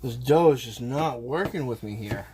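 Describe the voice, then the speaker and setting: A man's voice: medium pitch, normal speed, background noise. A man with a Boston accent casually chatting on a cooking livestream while he works the dough. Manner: rambling, chatty, talking while working. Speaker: livestream host.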